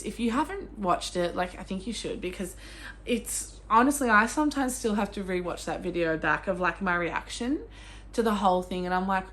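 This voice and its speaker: A young Australian woman talking casually about books as a vlogger, gushing and excitable, with sudden squeals and swearing. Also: mid-range voice, moderate pace. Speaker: book vlogger. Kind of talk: casual chat.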